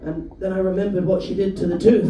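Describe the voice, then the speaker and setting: A man from the UK doing a stand-up comedy set, telling chatty stories and throwing quick asides to the audience. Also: high-pitched, level tone, heavy background noise. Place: comedy club stage. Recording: roomy live venue, mic heard from a distance. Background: audience laughter.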